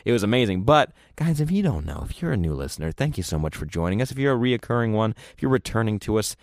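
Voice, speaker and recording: A young man co-hosting a casual podcast, chatty and quick to laugh, with frequent asides and restarts. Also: on the low side, very animated, darkish tone, dry recording, studio quality. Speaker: podcast co-host.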